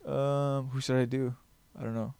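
Gravelly man rambling on a podcast. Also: mid-range voice, level tone, moderate pace, a little mellow, no room sound. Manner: rambling, profane, joking. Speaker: podcast host. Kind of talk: casual solo podcast monologue. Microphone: headphones on, close mic.

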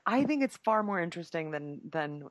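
Low playful woman host, chatty, dry mic, laughs a lot. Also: animated, fairly quick, dry recording. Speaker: podcast host. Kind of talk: casual chat.

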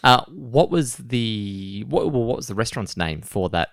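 A man's voice: medium pitch, sing-song, moderate pace, vocal fry, dry recording, clean studio sound. A man co-hosting a podcast in casual chat, laughing often and restarting his sentences. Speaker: podcast co-host.

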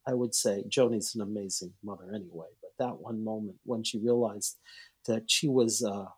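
A man, a psychologist and author guesting on a podcast, telling a story in a rambling, animated way and acting out the quotes. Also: on the low side, normal speed, slightly rough. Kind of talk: storytelling in a casual interview.

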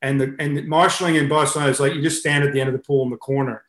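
A man's voice: medium pitch, fairly even intonation, very fast, a bit bright, echoey room. A middle-aged Australian man, a swimming coach being interviewed, who chats casually and tells stories with many fillers and restarts. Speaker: head swimming coach, guest.

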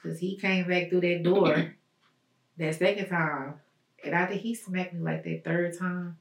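Guest woman, slightly rough voice, halting testimony, recorded from a distance with room echo. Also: lowish voice, fairly even intonation. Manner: halting, searching, with many pauses and fillers. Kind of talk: personal testimony in an interview. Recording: roomy echo, mic at a distance.

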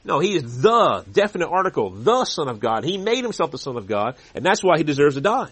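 A man preaching a sermon and reading scripture aloud, earnest and growing louder when he makes a point. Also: big pitch swings, fairly quick, husky, dry recording. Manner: earnest, rises in pitch and volume when emphatic. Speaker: pastor.

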